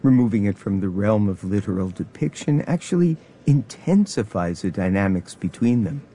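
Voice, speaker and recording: A man hosting a radio program, delivering smooth scripted narration. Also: on the low side, expressive, moderate pace, mellow. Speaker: radio host. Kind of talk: broadcast narration.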